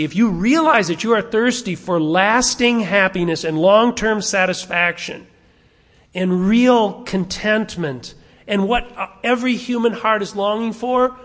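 A man's voice: sits high, a bit bright. A middle-aged man preaching a sermon to a congregation, asking them questions and having them turn to verses. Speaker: pastor. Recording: long hall reverb.

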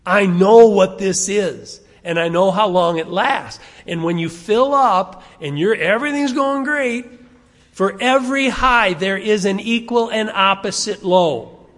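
A man's voice: sits high, measured pace, a bit bright. A middle-aged man preaching a sermon to a congregation, asking them questions and having them turn to verses. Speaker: pastor. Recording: long hall reverb.

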